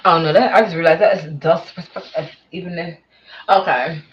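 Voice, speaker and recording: A woman talking casually in an excited vlog, exclaiming and trailing off into murmurs. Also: fairly low pitch, normal speed, muffled recording. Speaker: vlogger.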